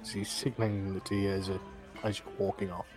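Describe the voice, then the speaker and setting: A man's voice: low-pitched, flat delivery, brisk, darkish tone, faint music behind. A man narrating a tabletop fantasy game as game master, rambling and full of fillers.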